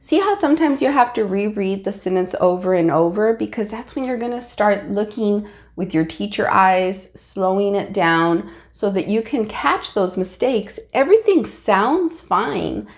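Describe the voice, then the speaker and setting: A woman's voice: medium pitch, expressive, a little slow, few pauses. A woman teaching a lesson, explaining patiently step by step. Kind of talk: classroom lesson.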